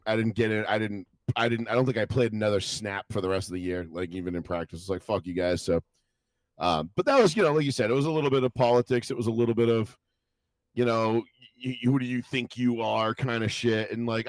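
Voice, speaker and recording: A young man co-hosting a podcast, rambling through stories in casual chat, swearing a lot and acting out what people said in lively voices. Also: fairly low pitch, fast talker, dry recording. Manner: rambling storytelling, heavy swearing, animated quoted voices. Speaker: podcast co-host.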